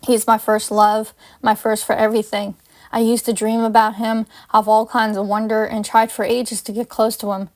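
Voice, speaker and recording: A woman's voice: on the high side, flat delivery, normal speed, a little mellow. A woman reading her own first-person fan story aloud, with small slips and restarts. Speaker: fanfiction reader.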